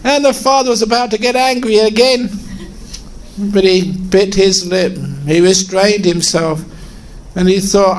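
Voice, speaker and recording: A man's voice: moderate pace, slight background noise. Man telling a parable in a sermon. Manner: relaxed storyteller with lively swings into higher pitch. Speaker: Buddhist teacher. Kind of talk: sermon storytelling.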